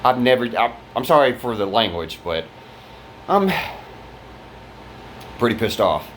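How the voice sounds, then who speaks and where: A frustrated man vents in an angry vlog inside his fire-damaged apartment, swearing freely and stumbling through restarts. His voice sits at an ordinary middle pitch. A faint background hum runs under the recording. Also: very animated, unhurried, fairly bright tone. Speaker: vlogger.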